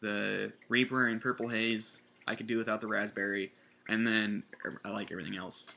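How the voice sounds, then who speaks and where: Chatty guy doing a vape review, low gravelly voice with a bright sharp edge, keeps restarting his sentences. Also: flat delivery, normal speed, slight background noise. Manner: rambling, self-correcting, chatty. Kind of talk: casual product review vlog.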